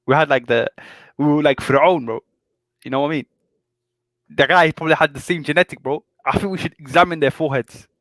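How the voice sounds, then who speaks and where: A man's voice: fairly high pitch, quick pace, a bit bright, dry recording. A young man, arguing in a casual, slangy, joking way. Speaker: panel speaker. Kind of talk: casual debate.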